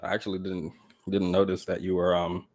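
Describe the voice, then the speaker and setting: A man from Georgia speaks with a light Southern accent and a very low voice. He jokes in a dry, deadpan way as a guest on a casual livestream. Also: a little fast.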